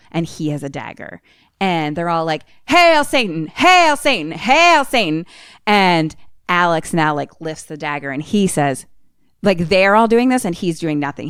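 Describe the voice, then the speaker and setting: A woman podcast co-host casually retelling a film plot, animated and swearing often. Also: low voice, smooth, dry recording, clean studio sound.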